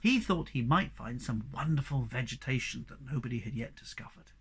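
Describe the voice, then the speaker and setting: Man narrator for a children's book, lively and expressive, bright tone. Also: medium pitch, a little fast, breathy edge. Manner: animated, expressive reading. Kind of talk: storybook reading.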